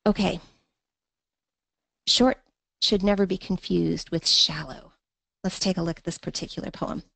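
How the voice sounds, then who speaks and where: A woman's voice: lowish voice, steady tone, a little slow, gravelly, fairly bright tone, dry recording. A woman teaching a poetry lesson in an online class, thinking aloud with fillers and reading verse in a rhythmic beat. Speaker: literature teacher.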